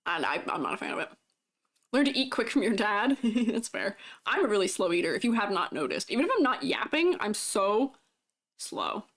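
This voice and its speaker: A woman's voice: medium pitch, sing-song, brisk, fairly bright tone. A woman livestreaming as a 3D artist, chatting casually and giggling often while reading messages from her viewers. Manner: giggly, chatty, reads chat aloud; talks while eating. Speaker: streamer and 3D artist.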